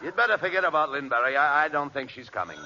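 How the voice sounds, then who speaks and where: A man's voice: fairly high pitch, lively intonation, fast talker, bright, forceful tone, dull audio. A man playing the exasperated, scolding straight man in a 1940s radio comedy, heard on a very noisy old broadcast recording.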